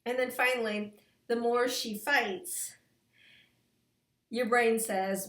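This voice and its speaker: A woman relationship coach speaking straight to her male viewers, lively and expressive, acting out the husband's thoughts. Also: on the high side, slow pace, pauses often, echoey room. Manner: animated, acts out the husband's inner voice with laughs. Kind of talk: direct-to-camera coaching talk.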